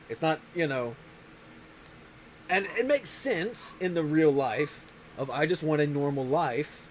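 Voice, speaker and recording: A man hosting a show speaks at normal speed in a fairly high, animated voice, rambling casually and repeatedly interrupting himself to start sentences over. The recording is rough, with a little hiss or hum.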